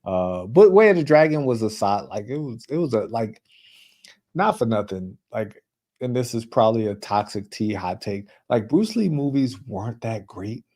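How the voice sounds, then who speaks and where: Guy from new york chatting movies, mellow low-key tone, lots of "like" and restarts. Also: sing-song, normal speed. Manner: rambling, many restarts and "like" fillers, laughs often. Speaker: co-host. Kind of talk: casual chat.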